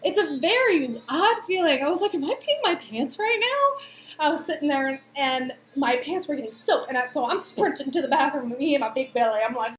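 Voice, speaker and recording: A young woman in her twenties telling a personal story to camera, chatty and animated, with lots of fillers and acted-out quotes. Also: high-pitched, fairly quick, hardly any pauses. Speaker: vlogger. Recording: echoey room, faint background noise.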